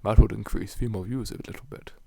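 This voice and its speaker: A man's voice: fairly low pitch, quick pace, creaky, mellow, no echo. A young man hosting a solo podcast, rambling casually with lots of fillers, slang and jokes. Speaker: podcast host.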